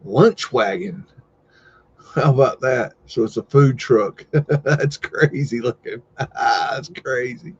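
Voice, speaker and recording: A man hosts a live stream, talking in a loose, rambling way and tossing out jokes and loud exclamations. His voice sits at a medium pitch. The recording sounds a little dull and lo-fi. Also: slow pace, a little hiss or hum. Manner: rambling, joking, easygoing asides and loud exclamations. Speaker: host. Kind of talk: casual live-stream commentary over old photos.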